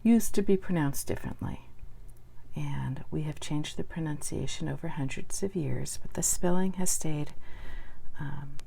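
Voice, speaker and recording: A woman's voice: low voice, a little slow, vocal fry, dark tone, a little hiss or hum. A woman teaching a spelling lesson, patiently sounding out words letter by letter and asking the listener to repeat them.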